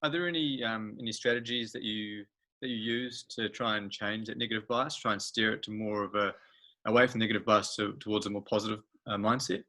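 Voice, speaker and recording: A man's voice: fairly low pitch, steady tone, brisk, sharp tone. A man interviewing, asking a question hesitantly and rephrasing it as he goes.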